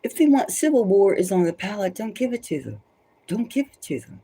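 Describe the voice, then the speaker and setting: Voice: mid-range voice, big pitch swings, a little fast, warm tone, slight background noise. A tarot reader giving rambling spoken commentary, emphatic and loose, often repeating phrases for stress. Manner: loose and conversational, many restarts.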